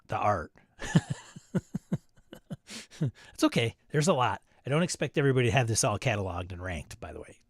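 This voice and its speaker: A man with a fairly low voice hosts a live stream show, casually reading chat messages aloud and riffing on them with chuckles. The sound is studio quality, without echo.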